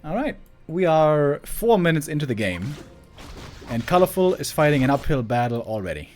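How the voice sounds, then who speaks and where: A man commentating a strategy game match solo, chatty and excitable, laughing often and rambling off-topic. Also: a little high, normal speed, faint music behind. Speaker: esports caster.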